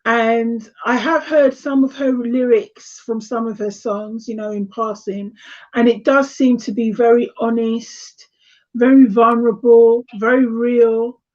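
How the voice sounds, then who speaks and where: A woman's voice: on the high side, fairly even intonation, measured pace, darkish tone, dull audio. A British woman with an accent sliding between standard and London speech, chatting casually on a live stream, hesitant and full of fillers. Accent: English, between standard British and London. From England. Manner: hesitant, many fillers and restarts. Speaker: tarot reader and live stream co-host.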